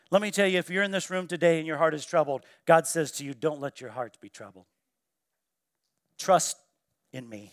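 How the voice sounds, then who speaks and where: A high-pitched male pastor delivers an emphatic sermon, rising to loud exclamations and dropping to hushed quotation. The sound is close and dry, with little room echo. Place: church sanctuary.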